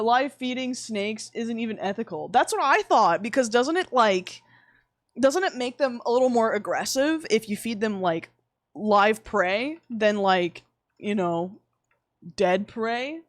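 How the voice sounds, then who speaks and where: A young woman livestreaming, chatting casually while she plays, rambling and swearing with sudden animated outbursts. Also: mid-range voice, moderate pace, no echo. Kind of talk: casual chat while gaming.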